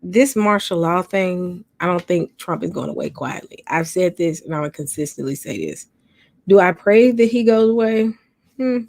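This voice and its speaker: A woman's voice: lowish voice, gravelly, a little mellow, dry recording. Sleepy woman chatting on a livestream. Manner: sleepy, yawning, chatty with viewers. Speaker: livestream host. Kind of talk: casual late-night livestream chat.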